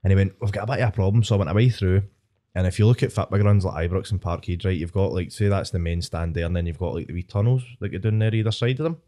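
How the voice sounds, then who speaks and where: Scottish podcast host guy, 20s, low mellow voice, swears a lot while he rambles. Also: fast. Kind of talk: casual chat.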